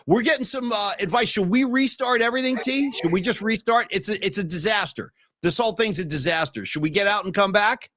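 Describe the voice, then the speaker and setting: A man in his fifties from Northern California, hosting a livestream podcast and chatting in an excitable, rambling, slangy way over a streaming call mic. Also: high-pitched, a little fast, few pauses, dry recording, clean studio sound. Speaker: podcast host. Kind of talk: casual livestream chat.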